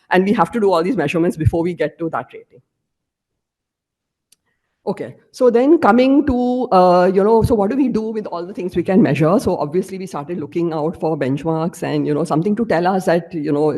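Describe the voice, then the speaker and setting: A woman's voice: lowish voice, mellow. A woman lecturer giving an academic presentation, explaining her slides step by step.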